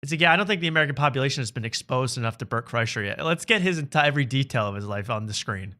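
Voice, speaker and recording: A man's voice: mid-range voice, expressive, rapid-fire, sharp tone. A man hosting a comedy podcast, ranting sarcastically in casual chat. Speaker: host.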